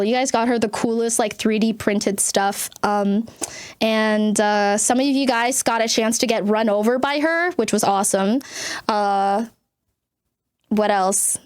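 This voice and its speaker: Young-sounding woman streamer, fairly high voice, rambling casual storytelling, curses a lot, animated pitch jumps. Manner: rambling, swears freely, lots of filler words. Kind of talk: casual story-telling to chat.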